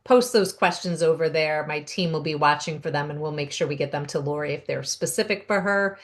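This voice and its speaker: A middle-aged woman hosts an interview in a low voice. She sounds upbeat and encouraging and explains things at length. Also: fairly quick. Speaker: host.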